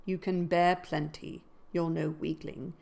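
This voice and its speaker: A woman reading aloud, voicing a harsh, brutal grown man who speaks loudly and threateningly. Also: deep voice, little pitch movement, unhurried, vocal fry, heavily acted. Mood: menacing. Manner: loud, grim, threatening.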